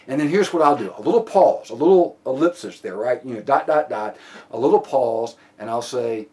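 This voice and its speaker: A man's voice: medium pitch, lively intonation, brisk, mellow. A man lecturing a police training class, plainspoken and given to restarts and repeated words. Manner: plainspoken, many restarts and fillers.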